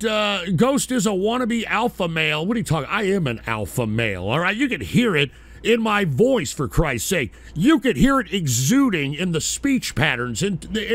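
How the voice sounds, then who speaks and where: Male host, brash and rambling, higher-pitched voice, dry close mic, casual profane radio banter. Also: creaky, fairly bright tone, dry recording. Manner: brash, rambling, mock-indignant. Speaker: host of a call-in radio show.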